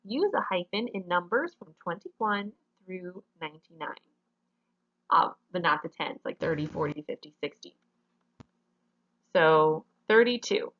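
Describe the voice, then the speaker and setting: A woman's voice: on the low side, lively intonation, a little slow, highs cut off. A woman teaching a grammar lesson in a classroom, explaining each rule step by step and often checking with "okay?".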